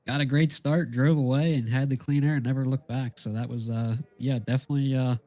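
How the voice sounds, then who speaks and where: A man commentating from the booth, interviewing drivers after a race in a quick, upbeat, friendly way. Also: medium pitch, steady tone, dark tone, no echo.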